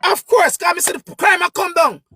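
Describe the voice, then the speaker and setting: A man with a Jamaican accent hosting a livestream, talking casually to his viewers in an animated, repetitive way. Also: very high-pitched, brisk, dry recording, studio quality. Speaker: livestream host.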